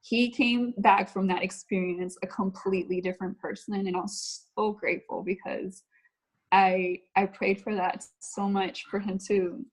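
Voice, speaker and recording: A woman from Texas, a guest on a faith talk show, telling a personal story in a lively conversational way. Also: medium pitch, moderate pace, rough recording. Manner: animated storytelling, acts out quotes. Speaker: guest, mother. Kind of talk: casual conversation.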